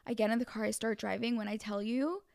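A young woman co-hosting a podcast, telling a story in a lively, animated way with lots of "like.". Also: a little high, fast, vocal fry, dry recording, studio quality. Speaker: podcast co-host. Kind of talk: casual chat.

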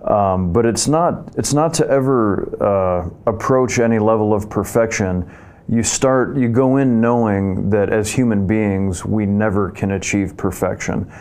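A man speaks reflectively in an archive interview clip, pausing often with hesitant fillers. His voice sits fairly low and sounds smooth and resonant. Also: darkish tone. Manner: thoughtful with frequent hesitations.

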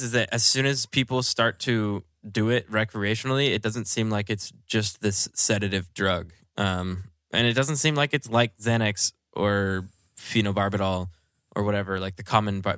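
A man's voice: on the low side, pushed and bright, no echo, clean studio sound. A young man co-hosting a casual podcast, explaining drug pharmacology with lots of ums and fillers.

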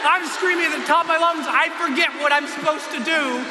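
A man giving a dramatic, expressive motivational talk on a stage in a large hall, acting out his story as he tells it. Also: very high voice, fairly quick, crowd noise. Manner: expressive, dramatic, acts out scenes with screams. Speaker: motivational speaker. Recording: echoey hall with ambient noise.

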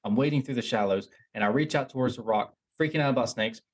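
A young man hosting a podcast, telling a story in a casual, animated, rambling way and poking fun at himself. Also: mid-range voice, fast. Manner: animated, rambling, self-mocking, with frequent restarts. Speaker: podcast host.

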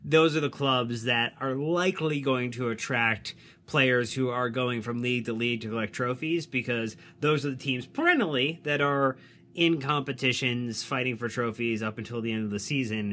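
A man co-hosting a casual podcast, explaining football points in a measured, slightly wry way. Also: medium pitch, a bit bright, slight background noise. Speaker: podcast co-host.

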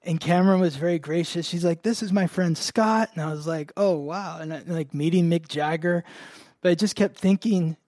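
A man's voice: a little high, steady tone, brisk, warm tone, dry recording. A man hosting an astrology podcast, telling a story in a casual, rambling way full of fillers. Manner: rambling, many "like" fillers, laughs often.

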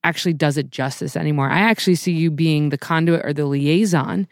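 A woman's voice: low voice, fairly quick, dry recording, studio quality. A woman co-hosting a casual business talk, building her ideas aloud in a thoughtful way.

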